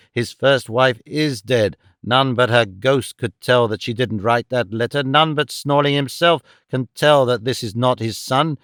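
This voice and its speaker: A man narrating an audiobook gives voice to a domineering older moneylender who speaks curtly and dryly. Each point comes slow, measured and emphatic, in a dry, close voice. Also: mid-range voice, a bit bright, no room sound, lightly acted. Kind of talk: audiobook character voice.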